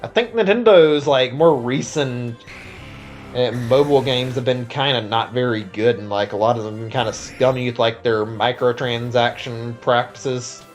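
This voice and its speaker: A man streaming a game late at night, sounding worn out as he chats with viewers. He talks in a loose, rambling way, full of hedges and restarts, at an ordinary middle pitch. Faint music plays behind him. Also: moderate pace. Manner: rambling, hedging with many "like"s and restarts. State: tired. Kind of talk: casual live-stream chat.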